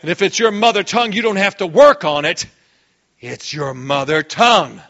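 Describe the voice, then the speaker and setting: A male pastor preaching a sermon with lots of energy, dropping low and quiet, then breaking into sudden shouts. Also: normal speed, muffled recording.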